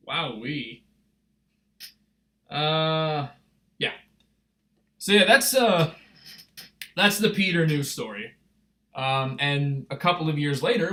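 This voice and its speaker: A young man telling a story on a casual livestream, rambling and excitable, full of fillers and restarts. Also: a little high. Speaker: streamer.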